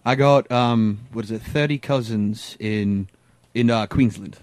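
A man's voice: on the low side, a little slow, darkish tone, dry recording. A man who produces a pet radio show, bantering playfully and laughing often.

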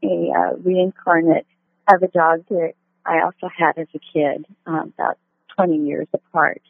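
A woman calling in to a radio show, hesitant and halting with many fillers. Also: lowish voice, little pitch movement, vocal fry, no echo. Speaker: caller. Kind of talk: call-in question. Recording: tinny phone line.

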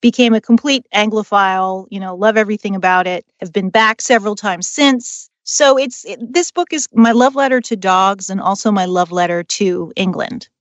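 A woman's voice: medium pitch, normal speed, hardly any pauses, no room sound. A woman who writes novels and trains dogs, answering interview questions in an enthusiastic, chatty way. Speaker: author and dog trainer. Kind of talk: interview guest.

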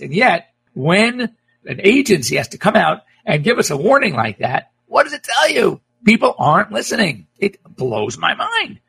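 A man's voice: a little high, creaky, a bit bright, slightly rough. A middle-aged man, a veterinarian, hosting a casual radio talk show, rambling and chatty with frequent self-corrections.

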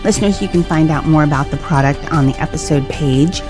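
A woman's voice: sits low, over music. A woman with an English accent hosting a podcast interview, upbeat and encouraging with her guest. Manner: upbeat, encouraging, drawn-out phrasing. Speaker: podcast host.

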